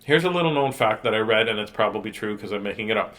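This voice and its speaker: Reading picture books and chatting between them, a man runs a kids' storytime full of silly jokes and playful rambling. He speaks quickly and expressively, his fairly low voice a bit bright.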